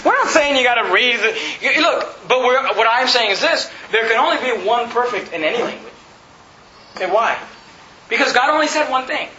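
A male pastor preaching an emphatic sermon to a congregation, repeating his points and rising to shouts. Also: very high-pitched, animated, normal speed. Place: church hall. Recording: roomy, slightly dull, congregation audible. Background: congregation responding.

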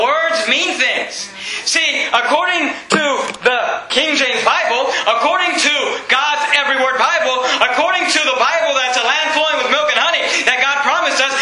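High, bright-voiced man preaching in an echoey hall. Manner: emphatic, mocking, quizzes the congregation. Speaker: pastor. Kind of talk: sermon. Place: church hall with congregation.

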